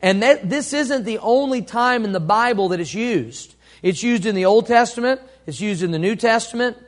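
A high-pitched man preaching from the pulpit. He calls on the congregation to repeat lines back to him, and he swings from ringing emphasis down to slow, hushed delivery. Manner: call-and-response preaching, dynamic swings from loud to hushed. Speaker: pastor. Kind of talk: sermon.

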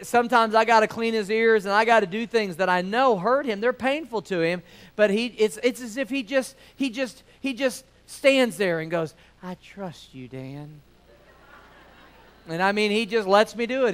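Folksy preacher man, high clear voice. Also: a little fast, low-quality recording. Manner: folksy storytelling, rising emphasis and dropping to quiet asides. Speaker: pastor. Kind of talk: sermon.

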